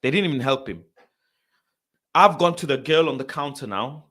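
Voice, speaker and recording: Slangy young man ranting. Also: moderate pace. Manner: animated, slangy, swings from loud exasperation to low grumbling. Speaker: host. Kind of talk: casual storytelling rant.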